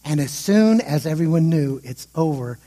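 Husky-voiced man telling a sermon story. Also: fairly high pitch, animated, moderate pace, mellow.

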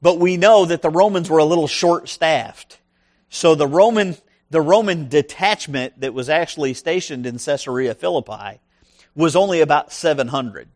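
A man's voice: fairly high pitch, moderate pace. A man preaching a sermon who reads a scripture passage aloud and then explains it, stressing his points and checking in with the listeners. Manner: emphatic, asks the listeners questions.

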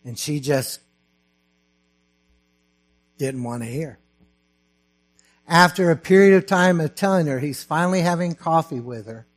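A man preaching a sermon as pastor, slow and emphatic, rising to fervent preaching. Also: fairly high pitch.

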